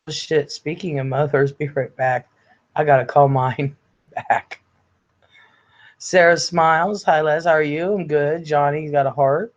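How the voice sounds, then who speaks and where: A man's voice: on the high side, fairly even intonation, unhurried. An older man hosting a casual livestream from home, reading viewer comments aloud in a chatty, blunt way, swearing freely and sounding a bit congested from illness. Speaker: livestream host. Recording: slightly dull lo-fi audio.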